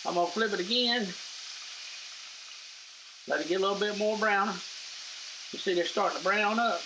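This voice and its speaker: A man's voice: sits high, normal speed, noisy background. A middle-aged man hosting a casual home cooking demo, chatty and folksy, talking to viewers as guys. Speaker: cooking show host. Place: home kitchen.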